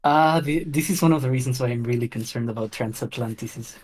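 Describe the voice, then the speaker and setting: A man's voice: mid-range voice, a little fast, a little mellow. A man co-hosting a casual political podcast, hesitant with frequent restarts. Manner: hesitant, restarts, laughs often. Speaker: podcast co-host.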